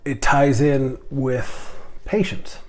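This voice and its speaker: A man's voice: mid-range voice, fairly even intonation, slow, darkish tone. A middle-aged man, a podcast host and airline captain, rambling and stammering through a casual monologue.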